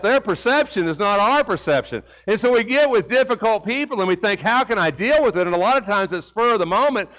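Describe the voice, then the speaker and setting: A middle-aged male preacher with a notably high-pitched voice delivers a conversational sermon in a church. His manner is folksy and down to earth, and he leans on rhetorical questions and repeated phrases as he tells a personal story. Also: fairly bright tone, low-quality recording. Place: church sanctuary.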